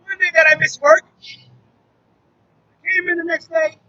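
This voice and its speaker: A man with a very high, bright, forceful voice gives an earnest personal testimony to a church crowd. He tells his story as a storyteller, acting out the conversations. The recording is dull and lo-fi. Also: flat delivery, moderate pace, a little hiss or hum. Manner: earnest storytelling that acts out dialogue. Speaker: former drug trafficker, now youth mentor.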